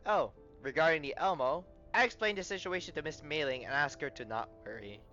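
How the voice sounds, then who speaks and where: Guy reading polite calm cafe lady from a game, kinda muffled, quiet music behind. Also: a little high, a little fast. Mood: courteous. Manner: polite and composed, reading text aloud with small stumbles. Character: poised, courteous female café manager.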